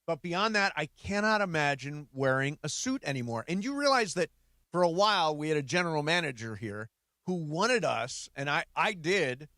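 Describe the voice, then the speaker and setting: A man's voice: on the high side, sing-song, normal speed, sharp tone, dry recording, studio quality. An older man co-hosting a sports radio show, chatty, wry and full of opinions. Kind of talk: casual sports radio chat. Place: radio studio.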